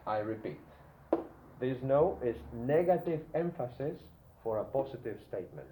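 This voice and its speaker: A man teaching an English grammar class, animated and repetitive, checking in with "yeah?" after nearly every point. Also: mid-range voice, normal speed, echoey room, a little hiss or hum, low-quality recording.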